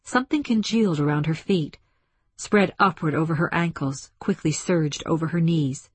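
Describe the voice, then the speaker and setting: A woman reading a story aloud as scripted narration, measured and dramatic. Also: deep voice, slightly rough. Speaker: audiobook narrator.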